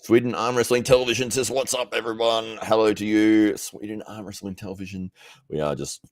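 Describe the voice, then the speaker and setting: A young man hosts a live stream, chatting loosely and laughing at himself between viewer comments. His voice sits very low. The sound is dry and close, with no room echo. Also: steady tone, fairly quick. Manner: chatty, laughs often, self-deprecating. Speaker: livestream host. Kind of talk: casual live-stream chat reading comments.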